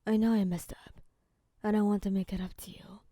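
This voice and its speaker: A woman voicing a remorseful young man who apologizes in a soft, hushed, pleading way. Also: medium pitch, level tone, a little fast, dry recording, natural voice.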